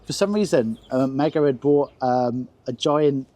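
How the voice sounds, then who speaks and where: An English man spinning lively anecdotes in a relaxed, mellow voice. His pitch sits mid-range, and he jumps up high whenever he acts out what someone said. A chatty guest in a casual interview. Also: measured pace. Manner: animated anecdotes, jumps high for acted quotes. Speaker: car owner guest.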